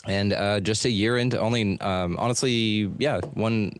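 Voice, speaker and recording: A man's voice: fairly low pitch, fairly even intonation, moderate pace, a little hiss or hum. A middle-aged man chatting casually about his life as a podcast host, loose and profane, with lots of fillers, in a treated home studio. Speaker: podcast host being interviewed. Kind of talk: casual storytelling chat.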